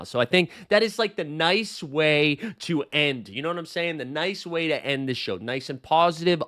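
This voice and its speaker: Lively, joking male sports host. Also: on the high side. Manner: chatty, self-mocking, jokey. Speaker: host of a basketball news channel. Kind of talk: casual solo commentary.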